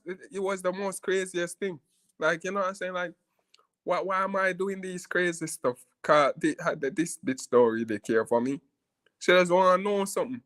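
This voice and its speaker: A man's voice: fairly high pitch, fairly bright tone, no room sound. A man tells a personal story in a rambling, casual way, often asking "you see me" and laughing as he goes. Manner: frequent laughs and restarts while telling.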